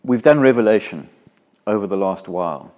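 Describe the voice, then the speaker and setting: A man from Africa who is a pastor preaching a sermon. He is earnest and emphatic, slowing down and growing louder when he quotes scripture. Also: lowish voice, expressive.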